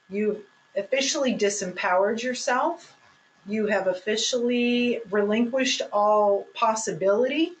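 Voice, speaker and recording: A woman's voice: on the high side, rough recording. A woman leads a sales training session. She leans hard on key points and speaks with a coaching, instructive drive. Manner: emphatic, coaching delivery. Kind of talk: training presentation.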